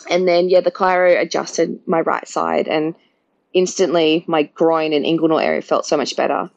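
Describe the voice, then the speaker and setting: Low, gravelly woman. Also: steady tone, moderate pace, a little mellow, dry recording, poor audio. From Australia. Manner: chatty, acts out her own past words. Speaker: podcast guest. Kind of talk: casual birth story.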